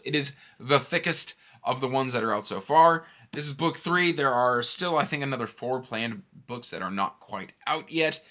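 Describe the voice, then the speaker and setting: A man in his thirties hosting a casual book vlog, chatty and rambling, with animated asides. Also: medium pitch. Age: 30s. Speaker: book channel host.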